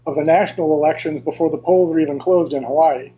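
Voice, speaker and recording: A man as an interview guest, explaining things carefully and in detail, with halting restarts, over dull lo-fi remote audio. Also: a little high, steady tone, warm tone, husky.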